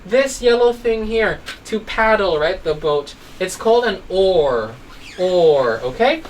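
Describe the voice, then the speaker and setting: A woman's voice: mid-range voice, expressive, unhurried, recorded from a distance, slight background noise, rough recording. A woman teaching a child English phonics, telling a story and asking patient questions. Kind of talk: online phonics lesson for a child.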